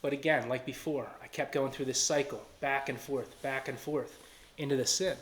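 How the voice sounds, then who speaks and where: A man's voice: mid-range voice, fairly even intonation, moderate pace, fairly bright tone, slight background noise. A man with a Philadelphia-area accent giving an earnest personal testimony and acting out quoted dialogue. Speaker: testimony speaker.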